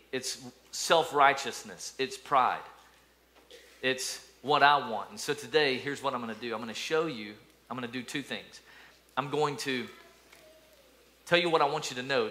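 Animated preacher man with a bright voice. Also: medium pitch. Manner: animated preaching, sings snippets, voices quoted attitudes. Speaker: pastor. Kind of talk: sermon.

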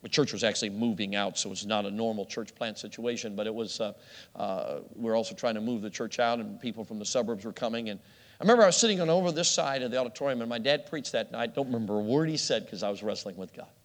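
A man's voice: lowish voice, fast, long reverb tail. A middle-aged man preaching a sermon, telling a personal story with self-deprecating humor and frequent laughs.

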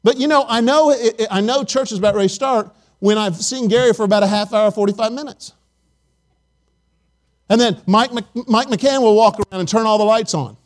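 A man with a high voice preaches in a church. He keeps it loose and chatty, telling stories and asking his listeners for an amen. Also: moderate pace. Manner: chatty storytelling, asks the congregation for amens. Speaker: pastor. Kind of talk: conversational sermon. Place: church sanctuary.

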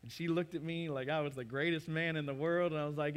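A man in his forties preaching a sermon, animated, with humor and acted-out asides. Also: on the high side, fast talker, clear, resonant tone. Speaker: pastor.

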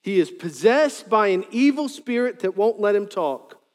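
A male pastor preaching a sermon, animated, with joking asides and sudden loud quoted lines. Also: sits high, normal speed, long reverb tail.

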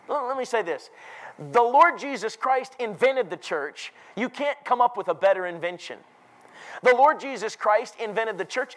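High-pitched man preaching a sermon. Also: poor audio. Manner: emphatic preaching, rising to loud declarations.

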